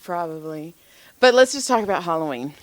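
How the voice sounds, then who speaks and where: A woman's voice: on the low side, brisk, no room sound. A middle-aged woman co-hosting a podcast, telling stories in casual chat with plenty of swearing and acted-out quotes. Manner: swears a lot, animated storytelling with acted-out quotes. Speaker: podcast co-host.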